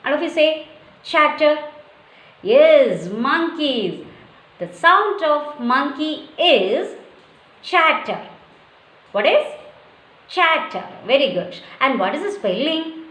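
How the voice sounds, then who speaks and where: A woman leads a lesson for small children in a very slow, deliberate call-and-response. She spells each word out letter by letter for the class to repeat. Her voice sits high, and the room around her is noticeably echoey. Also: very animated, a bit bright. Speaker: teacher.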